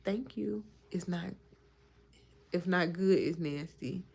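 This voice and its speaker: Streamer in her thirties, gravelly low voice, chatty, answers comments on the fly. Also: takes it slowly, a little mellow. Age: 30s. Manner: chatty, reacts to viewer comments; laughs often while talking. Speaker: livestream host. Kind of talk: casual livestream chat.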